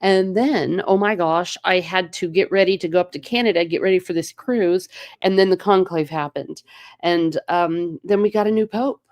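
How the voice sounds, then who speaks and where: A jet-lagged woman hosting a casual livestream, telling a story in an excitable way and acting out her own reactions. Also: fairly low pitch, normal speed. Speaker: livestream host.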